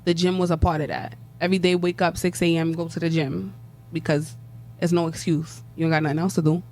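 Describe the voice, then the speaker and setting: A woman's voice: on the low side, level tone, fairly quick, a little mellow, soft background music. Brash young New woman rapper. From New York. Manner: brash, slangy, laughs often, swears freely. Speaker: rapper, interview guest. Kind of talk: casual interview chat.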